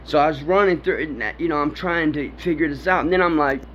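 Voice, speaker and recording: Speaking quickly in a fairly high, slightly bright voice, this male storyteller rambles through a personal encounter, swearing and frequently laughing. Faint noise sits under a dull, lo-fi recording.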